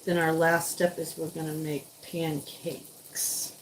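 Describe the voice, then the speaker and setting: A woman's voice: low-pitched, flat delivery, slow pace, slight background noise, poor audio. Chatty woman cooking on a live stream. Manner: chatty, greets viewers while cooking.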